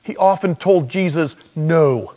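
A man's voice: on the high side, measured pace, mellow, in a large hall. A man preaching a sermon in a humorous, conversational storytelling way, acting out quoted dialogue.

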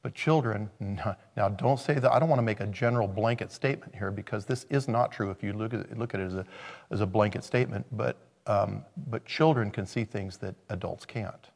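A man preaching a sermon in an animated way, swinging from loud and excited to quiet and reflective. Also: fairly low pitch, a little fast, vocal fry.

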